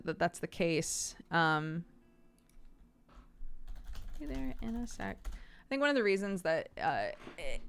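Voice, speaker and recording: Chatty young woman streamer, smooth voice. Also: on the low side. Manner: chatty and upbeat, thinking aloud while setting up. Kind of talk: casual live-stream chat.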